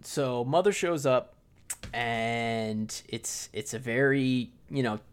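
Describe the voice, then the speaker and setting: A man's voice: medium pitch, slow pace, clean tone. A man co-hosting a podcast, casually retelling a film scene and acting out its lines with plenty of swearing. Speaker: podcast co-host. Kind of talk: casual movie review chat.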